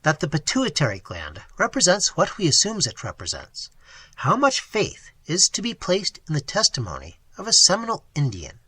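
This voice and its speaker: A reader doing Kemper, a probing skeptic. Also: male voice, on the high side, wildly swooping pitch, moderate pace, sharp tone, breathy edge, no room sound, heavily acted. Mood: skeptical. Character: serious skeptical young man questioning.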